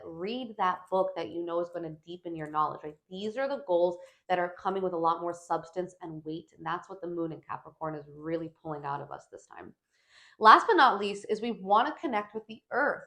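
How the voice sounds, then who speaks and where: A woman astrologer talking through a weekly forecast to her viewers, animated and emphatic, often checking in with a quick "right?". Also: lowish voice.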